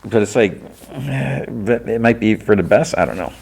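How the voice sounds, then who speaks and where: A low-voiced man chats through a cartoon's plot in a loose, rambling podcast recap. He fills every sentence with casual fillers and tosses off the characters' lines in quick asides. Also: darkish tone, husky. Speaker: podcast host.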